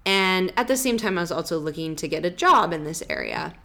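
A woman's voice: lowish voice, lively intonation, a little fast, creaky, sharp tone. A woman hosting a podcast, telling travel stories in a rambling, casual way, full of fillers. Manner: rambling, full of "like" and "you know". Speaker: podcast host.

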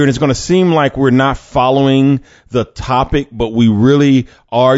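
A man's voice: mid-range voice, darkish tone, no echo, dull audio. A man hosting a faith podcast, talking conversationally with fillers, restarts and rhetorical questions. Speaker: podcast host.

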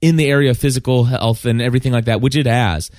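A man's voice: mid-range voice, steady tone, fast talker, darkish tone, no echo, clean studio sound. A man from Kentucky hosting a podcast, talking earnestly and emotionally with lots of restarts. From Kentucky, USA. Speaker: podcast host. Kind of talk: casual podcast chat.

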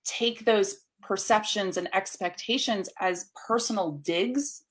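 A woman's voice: mid-range voice, a little slow, a bit bright. A woman coach being interviewed, speaking in an upbeat, emphatic way and explaining with examples. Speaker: guest, coach. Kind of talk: conversational interview.

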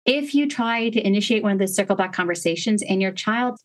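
A woman hosting a parenting podcast, explaining discipline steps in an earnest, step-by-step way with gentle emphasis. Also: mid-range voice, expressive, brisk. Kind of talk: instructional podcast talk.

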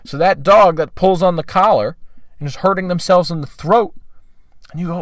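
A man giving a talk on dog training, emphatic and repetitive, acting out short quoted voices and clearing his throat now and then. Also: high voice, animated, normal speed, dry recording, clean studio sound. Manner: emphatic, repeats key phrases, acts out quoted voices.

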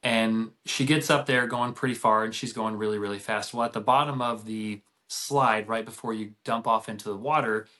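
Bright-voiced man telling a family story. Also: lowish voice, fairly even intonation, normal speed, hardly any pauses. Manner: rambling, many restarts, acts out quotes. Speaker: podcast guest. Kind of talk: casual storytelling.

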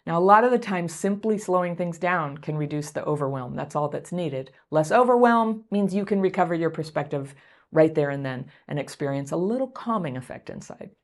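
A woman coaching viewers through a self-help talk, speaking in a gentle, encouraging, conversational way and laughing lightly between points. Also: on the low side. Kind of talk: advice talk to camera.

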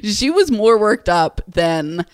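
Animated woman telling a story. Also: mid-range voice, takes it slowly, no room sound. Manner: animated, laughing, acts out quotes. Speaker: podcast co-host. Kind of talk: casual storytelling chat.

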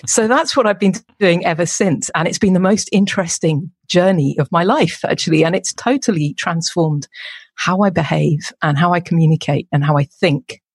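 A woman's voice: lowish voice, moderate pace, slightly rough, dry recording. An English woman in her forties, a podcast guest, talking candidly and with self-deprecating humor. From England. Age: 40s. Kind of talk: casual interview talk.

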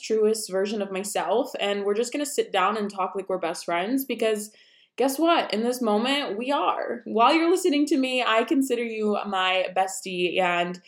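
A woman's voice: on the high side, a little slow, reverberant. A young woman hosting her own unedited podcast, chatting casually and rambling, with lots of "um" and "like", recorded at home. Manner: chatty, rambling, says um and like often. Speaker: podcast host. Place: room at home, busy road outside.

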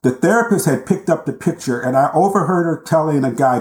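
A man recounting a personal story as a guest in an interview, speaking with intense, deliberate emphasis and dramatic pauses. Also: a little high, expressive, darkish tone. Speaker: podcast guest. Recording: roomy echo.

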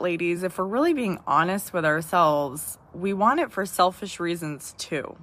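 A woman's voice: mid-range voice, sharp tone. A woman in her thirties hosting a podcast, sharing personal reflections with listeners in a heartfelt way, often restarting phrases and asking "right?". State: tearful at times. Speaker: podcast host.

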